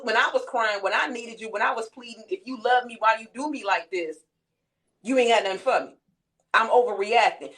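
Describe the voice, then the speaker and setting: Woman, twenties, live-stream host, animated storytelling, quoting others in character, fairly high voice. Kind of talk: casual live-stream chat.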